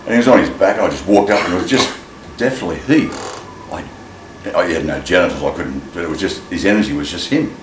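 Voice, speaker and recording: Deep-voiced man telling a story. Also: fast talker. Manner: animated, acts out voices in his story. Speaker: storyteller in an acting class. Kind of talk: personal storytelling. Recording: echoey room with clear ambient noise.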